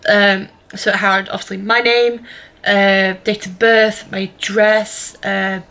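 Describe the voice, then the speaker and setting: A young woman talks straight to the camera in a loose, chatty vlog. Her voice is bright and clear, and she rambles along with plenty of ums and self-corrections. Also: medium pitch, flat delivery, takes it slowly. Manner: rambling, chatty, many fillers and restarts. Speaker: vlogger. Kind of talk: casual vlog chat.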